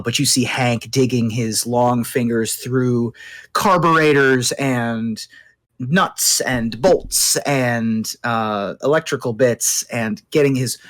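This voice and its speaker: A game master narrating a tabletop game in a rambling way, with many fillers. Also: medium pitch.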